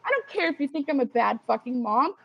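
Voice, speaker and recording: A woman's voice: sits high, big pitch swings, fast, creaky, muffled recording. Swearing, defensive woman ranting. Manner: defensive, profane, exasperated ranting. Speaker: livestream participant. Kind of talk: heated casual argument.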